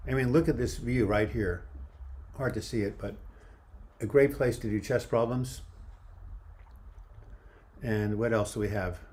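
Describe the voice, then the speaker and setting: A man's voice: mid-range voice, a little mellow. A man in his seventies rambles through a casual livestream outdoors, speaking into a handheld phone. He reads viewer comments aloud and drifts between thoughts in an everyday mid-range voice. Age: 70s. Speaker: livestream host. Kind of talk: casual livestream chat answering viewer questions. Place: outdoors by a river waterfront. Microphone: phone held in one hand.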